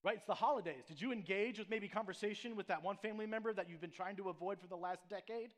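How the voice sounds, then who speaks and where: High-voiced man preaching conversationally. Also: fast. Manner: conversational preaching with frequent "right?" and restarts. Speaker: pastor. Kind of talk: sermon.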